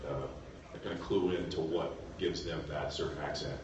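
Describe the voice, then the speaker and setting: A man's voice: a bass voice, fairly even intonation, normal speed, darkish tone, muffled recording. Laughing man telling a story in an echoey hall. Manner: laughing, rambling storyteller with many restarts. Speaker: convention panel guest. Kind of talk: casual stage talk. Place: large convention hall. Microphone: phone stream from the audience. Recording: echoey hall from far off, noisy.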